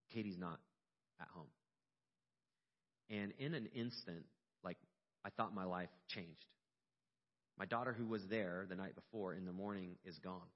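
A middle-aged man preaching a sermon, telling a personal story with rising emotion. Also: on the low side. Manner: storytelling, animated and emotional at peaks. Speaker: pastor. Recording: dull lo-fi sound with long hall reverb.

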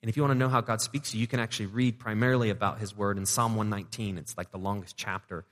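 A man's voice: fairly low pitch, steady tone, racing, fairly bright tone. A man preaching a sermon as pastor in a loose, conversational way with playful asides. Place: church sanctuary. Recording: reverberant church hall.

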